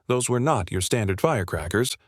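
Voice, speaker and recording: A man voicing a shocked young woman mage, speaking in a hushed way. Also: medium pitch, lively intonation, a little fast, dry recording, clean studio sound, close to an everyday voice.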